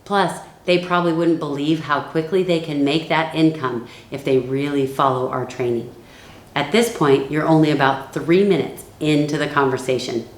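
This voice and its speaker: A woman giving a calm training lesson for network marketing builders. She acts out the sales lines she uses. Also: deep voice, normal speed, roomy sound.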